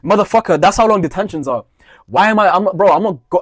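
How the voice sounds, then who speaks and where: Fast-talking young man ranting. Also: high voice, animated, no room sound, studio quality. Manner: profane, heated, blunt. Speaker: vlogger. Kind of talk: ranting storytime monologue.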